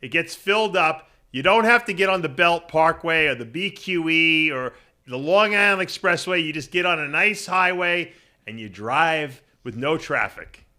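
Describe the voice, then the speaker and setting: A man's voice: on the high side, animated, normal speed, bright, forceful tone. A man hosting a podcast, teasing and joking with a caller. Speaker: podcast host. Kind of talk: casual chat.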